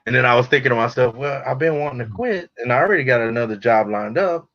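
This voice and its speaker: A man's voice: medium pitch, quick pace, a bit bright. A man telling a laid-back, slangy story in casual chat. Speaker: guest. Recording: dull lo-fi call audio.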